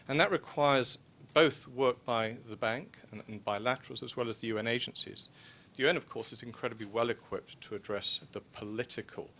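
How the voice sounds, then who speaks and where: A man making a measured, policy-minded comment from the floor of a forum. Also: lowish voice, pushed and bright. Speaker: audience member asking a question.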